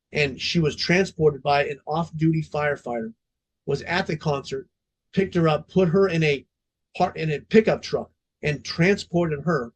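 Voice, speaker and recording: A middle-aged guest who is a fire service veteran tells a story on a podcast, his fairly high voice carrying a husky edge. His manner is blunt and emphatic, and he swears without restraint.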